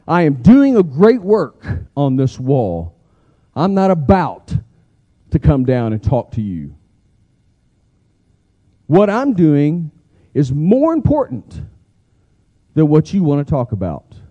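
Man doing a steadfast builder, sermon retelling, mellow tone. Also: a little high, huge pitch swings, takes it slowly, long pauses, long reverb tail, highs cut off, heavily acted. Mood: defiant. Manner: firm, emphatic refusal. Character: determined wall-builder, firm and defiant.

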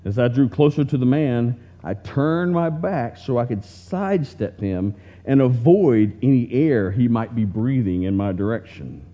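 Male preacher, mid-pitched, unhurried tender storytelling; muffled lo-fi recording. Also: lively intonation, warm tone. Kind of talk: slow, heartfelt story reading in a sermon. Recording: dull lo-fi recording.

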